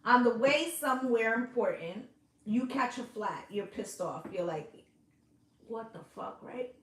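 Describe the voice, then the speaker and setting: A woman's voice: a little high, animated, a little slow. A woman giving a casual tarot reading, chatty and coaxing, swearing freely and checking in with her listeners as she goes. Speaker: intuitive tarot reader. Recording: roomy echo.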